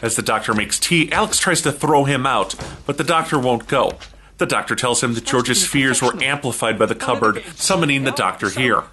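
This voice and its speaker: A man hosting a comedy review show, giving a snarky, deadpan recap narration. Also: medium pitch, moderate pace, noisy background.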